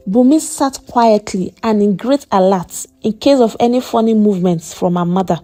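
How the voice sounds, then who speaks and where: A woman narrating a folktale in an animated, expressive way. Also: medium pitch, moderate pace, hardly any pauses, dry recording, faint music behind. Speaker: storyteller. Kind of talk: scripted story narration.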